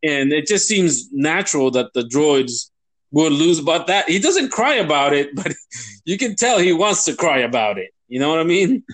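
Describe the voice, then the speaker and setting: A man's voice: a little high, big pitch swings, moderate pace, fairly bright tone. A young man hosting a casual fantasy football podcast, profane and ranting, often laughing. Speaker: podcast host.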